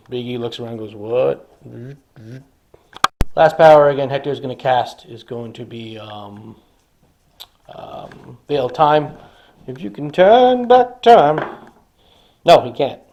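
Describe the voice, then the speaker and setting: A man's voice: medium pitch, a little mellow, highs cut off, slight background noise. A man casually narrating a tabletop wargame battle report, enthusiastically dramatizing the action. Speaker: hobby wargamer.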